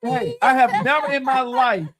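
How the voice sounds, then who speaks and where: A man in his thirties telling a profane story in a lively, dramatic way, checking in with "right?" again and again. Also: very high voice, normal speed, a crowd in the background. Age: 30s. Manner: animated, dramatic, repeats "right?". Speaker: storyteller on a live-streamed talk show.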